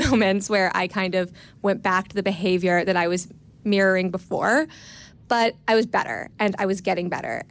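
A young woman in her twenties from Florida telling a candid, wry personal story on stage, often laughing between lines. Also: gravelly. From Tampa, Florida. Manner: quick and lively, pitch rising when excited.

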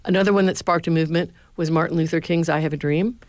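Low-voiced woman, earnest storyteller. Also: fairly even intonation, fast, darkish tone, no room sound. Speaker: former speechwriter, university lecturer. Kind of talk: interview answers, storytelling.

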